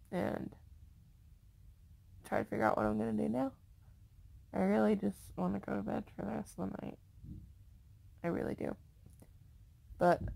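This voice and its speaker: A tired young woman rambling casually to her phone camera in a vlog, sleepy and unhurried. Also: on the low side, creaky, darkish tone. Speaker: vlogger. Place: car, bed, then walking outdoors at night.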